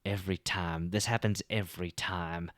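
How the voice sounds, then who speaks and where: A man's voice: low-pitched, fairly even intonation, moderate pace, a bit bright, dry recording, clean studio sound. A man voicing a brash, easygoing huntress in an audiobook reading, blunt and mocking. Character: brash relaxed huntress woman.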